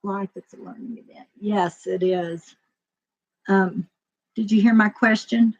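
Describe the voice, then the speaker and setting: A woman telling a personal story to a live audience in a casual, emotional way, laughing often and swinging between loud and quiet. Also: mid-range voice, steady tone, measured pace. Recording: dull lo-fi sound.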